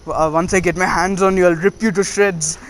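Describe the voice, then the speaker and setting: A man's voice: high voice, steady tone, fast, slight background noise, natural voice. A man voicing an exasperated adult male ninja teacher, flustered and hesitant.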